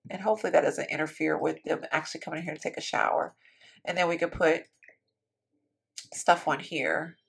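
Creaky-voiced woman chatting through a game. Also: low voice, steady tone, fairly quick, pauses often. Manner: chatty, thinks aloud, says "y'all". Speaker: Sims building YouTuber. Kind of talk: casual gameplay commentary.

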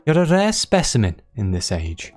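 A game player voicing a gentle, motherly giant female creature queen from a video game, reading her lines with a cooing, doting manner. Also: mid-range voice, very animated, normal speed, soft background music, close to an everyday voice. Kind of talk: reading game dialogue aloud.

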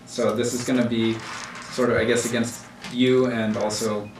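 A man running a tabletop game as game master, describing scenes in plain, unhurried narration. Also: medium pitch, level tone. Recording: roomy, distant mic with background noise.

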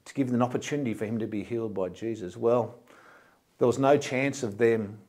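A man's voice: medium pitch, brisk, darkish tone. A man from Australia, a pastor, preaching a sermon in a plain, explanatory way and often repeating words as he goes.

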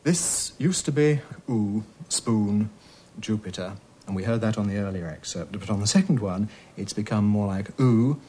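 A man, an expert on British accents, explaining speech changes in a measured way while demonstrating vowel sounds. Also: on the low side, lively intonation, mellow, slight background noise. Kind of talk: explanatory interview talk.

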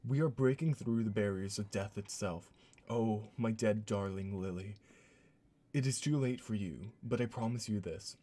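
An obsessed, grim old scientist father, as a man puts him on in a fake accent, slow and solemn. The voice sits low and dark, with a mellow tone. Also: close to an everyday voice. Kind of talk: dramatic reading of game notes.

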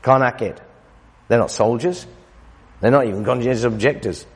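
A man preaching in a church hall, his voice a little husky with a long reverb trailing behind it. He is animated and teasing, jumping between loud emphasis and quieter asides. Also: normal speed. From United Kingdom. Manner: animated, teasing, emphatic, with lively pitch swings and laughs. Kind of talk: sermon.

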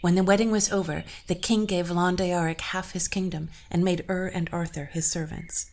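A woman narrating an old folktale and adding her own commentary, in a measured, even way. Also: on the low side. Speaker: storyteller and podcast host.

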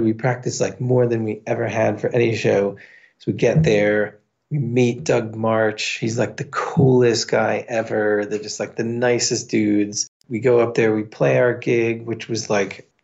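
A man's voice: on the low side, vocal fry, darkish tone, highs cut off. A man telling a long, profane anecdote in a casual podcast chat, with many fillers. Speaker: podcast guest. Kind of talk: casual storytelling.

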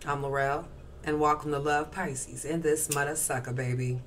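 A woman's voice: deep voice, steady tone, normal speed, slight background noise. A woman giving a casual tarot reading to camera, brash, profane and slangy, rattling off rhythmic lists and smoking while she talks. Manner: smoking and crunching ice while talking. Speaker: tarot reader.

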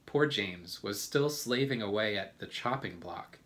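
A man reads a children's story aloud in a slow, gentle, deliberate way. His voice is bright and clear, with lively rises and falls that keep young listeners following along. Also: fairly low pitch.

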